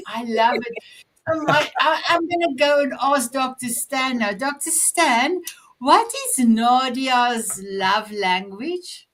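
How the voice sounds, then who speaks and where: A woman's voice: high-pitched, slow, fairly bright tone, poor audio. A woman hosting a talk show, enthusiastic and effusive with her guests. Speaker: host.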